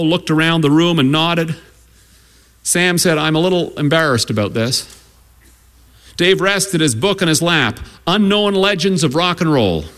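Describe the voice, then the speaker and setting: A man telling a humorous story, with a wry, animated delivery and comic pauses. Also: fairly high pitch.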